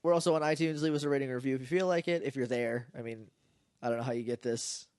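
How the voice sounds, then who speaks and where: A man's voice: mid-range voice, fast talker, a little mellow, no echo, clean studio sound. A man co-hosting a casual podcast, a little nasal and stuffed up, rambling and laughing often. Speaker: podcast co-host. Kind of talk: casual chat.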